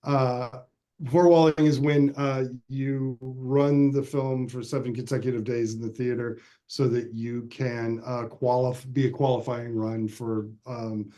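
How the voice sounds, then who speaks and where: A filmmaker being interviewed, telling stories in a casual, animated way with frequent restarts. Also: male voice, medium pitch, a little slow. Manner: animated storyteller, restarts often, acts out quotes. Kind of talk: casual interview over video call.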